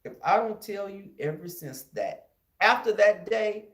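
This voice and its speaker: A man from Houston with a Texan accent, telling a childhood story in an animated, casual way to his listeners. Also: high-pitched, a little slow. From Houston, Texas. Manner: animated, addresses listeners as y'all, acts out the scenes. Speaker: podcast host. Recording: echoey room.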